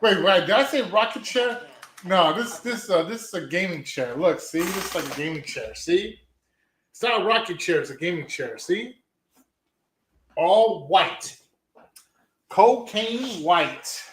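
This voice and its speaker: A man hosting a laid-back livestream. His voice sits a little high, and it rings with a roomy echo. He rambles, repeats phrases and keeps saying "hold on" while chatting over a video. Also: lively intonation, a little slow, fairly bright tone, a little hiss or hum. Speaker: livestream host. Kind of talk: casual livestream chat reacting to a video.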